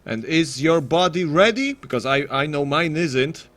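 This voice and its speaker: A man's voice: fairly high pitch, animated, a little slow, a bit bright. A man casting an esports match on his live stream, rambling and self-deprecating with frequent restarts. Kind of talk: casual live stream commentary.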